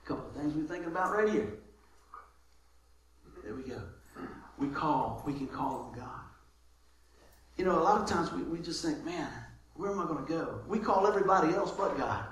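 A man preaching a sermon as pastor, lively, moving between loud calls and soft asides. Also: on the high side, moderate pace, long pauses. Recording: very echoey room with faint noise.

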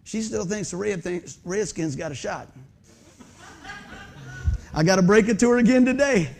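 A man's voice: high-pitched, moderate pace, creaky. A pastor in his fifties preaching a conversational sermon in a church, quizzing the congregation and joking about himself. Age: 50s. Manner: animated, quizzes the congregation, self-deprecating humor. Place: church sanctuary under stage lights.

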